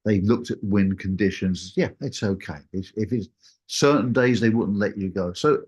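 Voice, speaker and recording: A man telling a personal story in a casual, animated way, acting out what people said. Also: moderate pace, breathy edge. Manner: animated, acts out what people said with big jumps in pitch.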